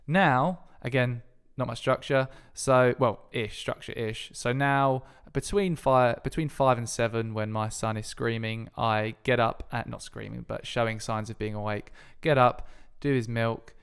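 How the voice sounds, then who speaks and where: A man's voice: mid-range voice, fairly even intonation, measured pace, hardly any pauses, a bit bright, clean tone. A young man co-hosting a podcast, chatting casually with a teasing, sarcastic edge. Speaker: podcast co-host. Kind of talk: casual chat.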